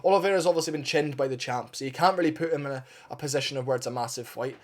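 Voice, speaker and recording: A man's voice: medium pitch, very fast. A man giving a casual, opinionated fight breakdown, blunt and partisan, swearing freely and getting fired up. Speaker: MMA fight analyst.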